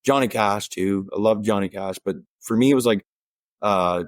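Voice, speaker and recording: A man with an Ottawa Valley country twang, chatting casually as a guest in an interview, relaxed and rambling with fillers and restarts. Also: fairly low pitch, normal speed, no echo, studio quality. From Ontario, Canada. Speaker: guest musician.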